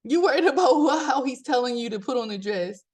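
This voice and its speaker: Middle-aged woman from maryland doing her podcast, chatty and lively, laughs a lot, voice jumps up high when she makes a point. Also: fairly quick. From Maryland, USA. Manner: animated, laughs often, pitch jumps up for emphasis. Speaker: podcast host. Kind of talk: casual motivational talk.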